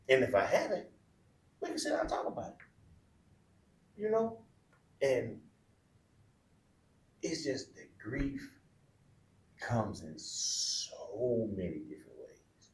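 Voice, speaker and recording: A man's voice: medium pitch, sing-song, measured pace, pauses often. A middle-aged man, a podcast guest, telling a heartfelt personal story in a candid, colloquial, emotional way. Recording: roomy echo.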